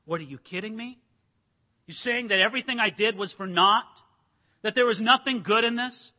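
A preacher voicing an exasperated, determined older male leader, with a forceful, incredulous manner, recorded in a hall with long reverb. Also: sits high, normal speed, exaggerated voice.

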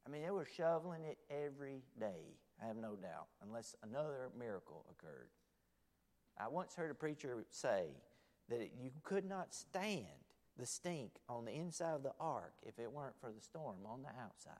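A man preaches a sermon in a church, with a middle-range voice. He tells his stories dramatically, rising to loud exclamations and then sinking to hushed, near-whispered lines. His voice rings out with the long reverb of a large hall. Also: mid-range voice, big pitch swings, normal speed. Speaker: pastor.

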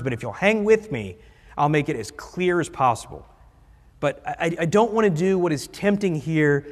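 A man preaching a sermon in a conversational way, repeating key phrases and leading the congregation in call-and-response. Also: a little high. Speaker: pastor. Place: church sanctuary. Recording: long reverb of a large hall.

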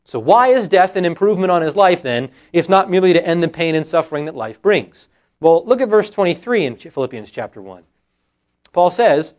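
A pastor delivering a sermon with a high, light voice. He preaches earnestly and with emphasis. He lingers slowly over the verses he quotes. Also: expressive, darkish tone. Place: church sanctuary.

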